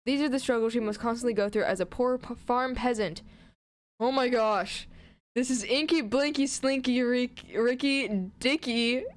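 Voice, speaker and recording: A woman's voice: a little high, steady tone, moderate pace. A woman streamer reading fan fiction aloud on stream, stumbling over words and laughing often.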